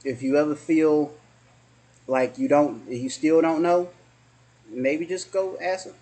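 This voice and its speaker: A man around forty in a casual spiritual chat, halting and restarting often, slipping into softly acted quotes. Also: on the high side.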